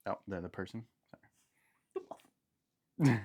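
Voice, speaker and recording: Hesitant woman game master, very low voice. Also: unhurried, darkish tone, slightly rough. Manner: hesitant, filler-heavy, laughing often. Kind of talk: narrating a tabletop game.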